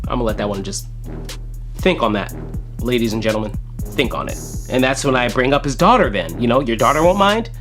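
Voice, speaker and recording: Exasperated, swearing vlogger with lively pitch. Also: brisk, long pauses, music in the background. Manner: exasperated, sarcastic, swears often. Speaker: online decoy narrating chat logs. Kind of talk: casual commentary.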